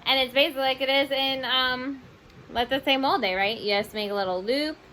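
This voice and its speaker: A woman's voice: high voice, fairly even intonation, fairly quick, bright, forceful tone, a little hiss or hum. A woman teaching a class, spelling words out letter by letter and mixing in Spanish words. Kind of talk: online class lesson.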